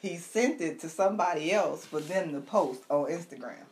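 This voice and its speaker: A woman co-hosting a casual chat, animated and teasing, recapping gossip and news with loud laughs. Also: deep voice, moderate pace. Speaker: podcast co-host.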